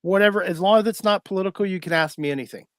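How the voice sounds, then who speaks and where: Earnest man hosting a podcast, a bit high-pitched, halting delivery, dry sound. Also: a bit bright, no echo. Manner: earnest, hesitant, many fillers and repeated words. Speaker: podcast host. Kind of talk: casual interview hosting.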